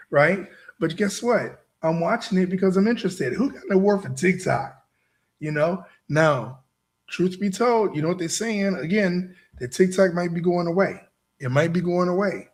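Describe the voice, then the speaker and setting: Emphatic higher-voiced male host. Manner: emphatic, repetitive, keeps asking "right?". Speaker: show host. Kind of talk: motivational monologue to a live audience.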